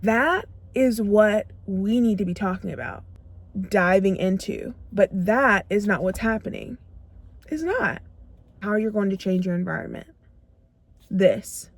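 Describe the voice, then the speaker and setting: A woman's voice: mid-range voice, expressive, unhurried. A young woman giving a motivational self-growth talk to camera, emphatic and repeating phrases for punch. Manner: acts out her own inner dialogue in quotes.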